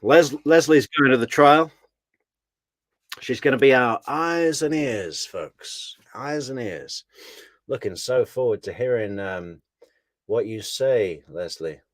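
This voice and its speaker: A man's voice: medium pitch, expressive, slow, no echo. A man hosting a casual true crime live stream, chatty and laughing as he thanks viewers by name. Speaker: true crime commentary host.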